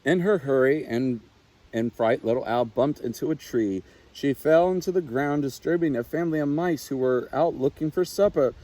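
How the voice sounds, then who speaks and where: A naturalist reads a children's picture book aloud, telling the story expressively and without hurry in a medium-pitched male voice.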